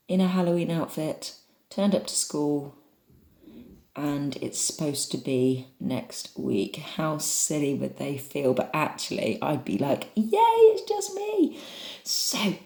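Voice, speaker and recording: Low, mellow-voiced woman teaching drama. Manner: encouraging, chatty, demonstrates voices. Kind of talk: online drama lesson for children. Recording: echoey room.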